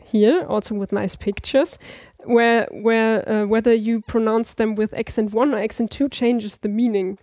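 A woman's voice: on the high side, steady tone, a little slow, few pauses, a little mellow, no echo, studio quality. A woman in a casual practice chat, explaining language points with lots of fillers and restarts. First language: not Swedish. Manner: hesitant, many fillers and restarts. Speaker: language learner.

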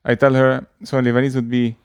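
A man's voice: mid-range voice, little pitch movement, fast talker, smooth, no echo. Hesitant man explaining, dry sound. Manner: hesitant, many fillers and restarts. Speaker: language teacher. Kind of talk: casual explaining.

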